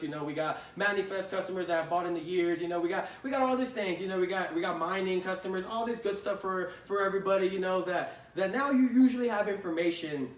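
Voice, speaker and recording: A man giving a casual spoken lesson on sales calls, talking conversationally, repeating his points and often asking "right?". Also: high voice. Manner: conversational, repeats phrases, many "right?" tags. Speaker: sales trainer. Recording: roomy echo, distant from the mic.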